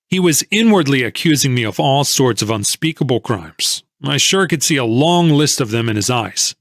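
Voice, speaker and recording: A man's voice: mid-range voice, very animated, normal speed, fairly bright tone, no room sound, studio quality. A man narrating an audiobook in the first person, telling the story expressively.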